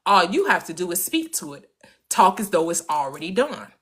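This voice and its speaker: A woman with a bright, forceful voice at a middle pitch co-hosts a laid-back talk about mindset. She speaks freely, leans into her stories and laughs often along the way. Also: moderate pace, breathy edge. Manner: relaxed, talkative, laughs often. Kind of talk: casual chat on mindset and manifesting.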